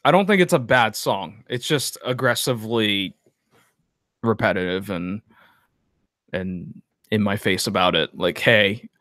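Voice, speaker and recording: A man's voice: fairly low pitch, a little slow, pauses often, a bit bright, no room sound, studio quality. A man co-hosting a casual podcast, bluntly giving his opinions on music videos in a chatty way full of fillers. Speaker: podcast co-host.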